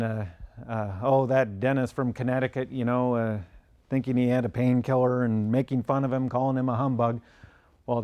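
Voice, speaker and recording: Unhurried man lecturing with frequent pauses. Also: medium pitch, a little mellow. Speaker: lecturer on medical history. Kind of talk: spoken history lecture.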